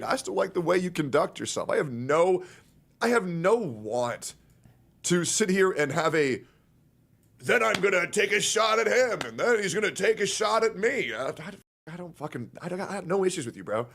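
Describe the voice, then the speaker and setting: A male streamer ranting into his stream, crude and heated, swinging between mockery and calmer appeals. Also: a little high. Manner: crude, heated and mocking, then conciliatory. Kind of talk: angry streamer rant to the camera.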